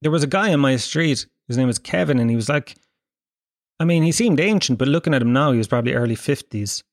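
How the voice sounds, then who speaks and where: A man's voice: mid-range voice, animated, fast, no echo, clean studio sound. Wry man telling rambling stories. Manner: rambling, profane, wry, laughs mid-sentence. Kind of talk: casual comic storytelling.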